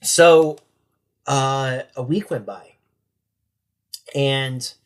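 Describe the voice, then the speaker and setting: A man's voice: mid-range voice, fairly even intonation, very slow, clean tone. A young adult man, a sheriff's corporal, giving a candid and emotional personal account as a podcast guest, often restarting his sentences.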